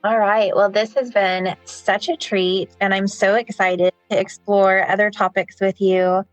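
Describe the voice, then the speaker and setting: A woman's voice: mid-range voice, little pitch movement, measured pace, dry recording, soft background music. A woman hosting a spiritual wellness podcast, talking in a gushing, affirming way. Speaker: podcast host.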